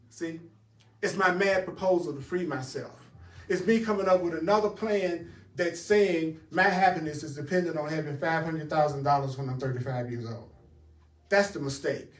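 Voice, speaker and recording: High-voiced, emphatic man teaching in an echoey room. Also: recorded from a distance. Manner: emphatic, laughing, talks straight to the audience. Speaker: spiritual teacher. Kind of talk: teaching a class.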